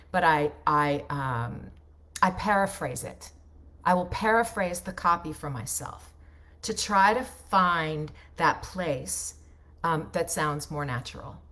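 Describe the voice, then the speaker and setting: A woman voiceover coach teaching in a casual, chatty way, often ending points with a quick "right?". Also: sits low, fairly bright tone. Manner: chatty, ends points with tag questions; loose, unpolished delivery with restarts.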